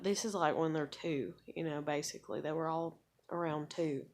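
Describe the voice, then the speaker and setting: A woman's voice: low voice, steady tone, normal speed, slight background noise. A woman in her thirties venting in a rambling, casual monologue, frustrated and swearing often. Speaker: vlogger.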